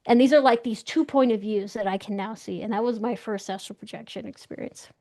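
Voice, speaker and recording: Animated young woman telling a story. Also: fairly high pitch, fairly quick, no room sound, clean studio sound. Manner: animated, excitable, acts out voices in quotes. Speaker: guest. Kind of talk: storytelling interview.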